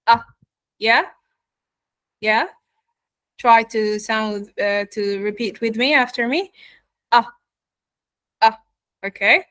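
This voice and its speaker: Slow, dry-voiced woman teaching accent. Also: fairly high pitch, pushed and bright, no echo. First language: Arabic. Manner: slow, many fillers, asks "yeah?" and "okay?" after points. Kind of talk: online pronunciation lesson.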